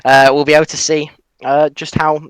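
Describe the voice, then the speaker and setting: A man co-hosting a casual livestream, repeating himself as he brings in guests and swearing loudly at results. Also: a little high, little pitch movement, normal speed, smooth, no room sound. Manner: stumbling restarts, swearing angry outbursts. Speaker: co-host.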